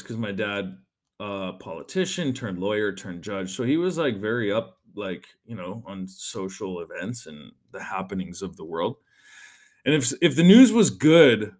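A man hosting a podcast and talking in a rambling, chatty monologue, often swearing. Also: mid-range voice. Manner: rambling, chatty and profane, with frequent fillers. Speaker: podcast host. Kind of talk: casual solo monologue.

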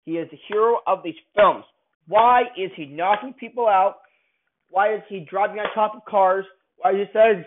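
A man angrily ranting through a movie review, swearing often and bursting out loudly now and then. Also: high-pitched, moderate pace. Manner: angry, profane ranting with sudden loud outbursts. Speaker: film reviewer. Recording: tinny phone-like sound.

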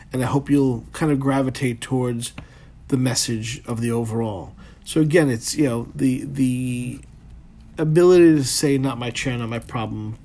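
A man's voice: medium pitch, darkish tone, slight background noise. Rambling, cursing male podcast host. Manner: rambling, loose and profane, with many fillers. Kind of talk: motivational solo podcast talk.

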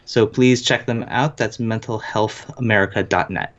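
A man from New Jersey co-hosting a casual podcast, making wry quick asides. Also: fairly low pitch, steady tone, highs cut off, slight background noise. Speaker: podcast co-host. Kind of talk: casual chat.

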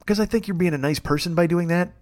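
Male host, rapid wry delivery, curse-heavy rambling monologue, a touch high. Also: darkish tone. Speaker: podcast host. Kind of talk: casual comic monologue.

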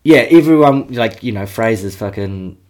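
A man's voice: fairly low pitch, animated, moderate pace, darkish tone. A man in casual podcast chat, laid-back, swearing freely and laughing often as he tells stories.

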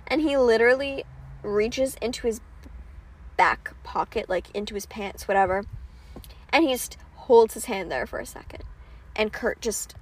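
With a slightly rough, somewhat high voice at a moderate pace, a young female podcast host tells a story in relaxed conversation. She curses freely and mimics people with put-on voices when quoting them.

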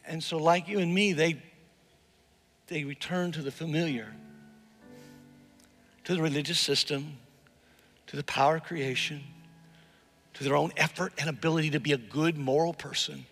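A male pastor preaches a story-driven sermon, repeating words as he builds toward each point. His voice is high and bright. Long reverb from a large hall follows every phrase, and faint music plays underneath. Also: moderate pace, long pauses. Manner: storytelling, repeating words when emphatic, acts out quotes. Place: church hall with live and online audience.

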